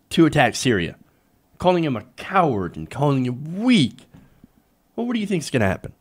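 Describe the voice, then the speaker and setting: Opinionated young male political commentator. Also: a little high. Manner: conversational, opinionated, hesitant.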